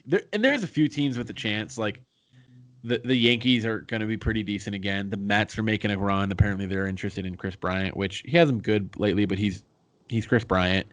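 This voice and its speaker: A young man rambles through a loose sports chat on a podcast. His voice sits a little low and stays easygoing, with the odd curse thrown in. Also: fairly quick, dry recording. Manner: laid-back, rambling sports talk with profanity. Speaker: podcast co-host.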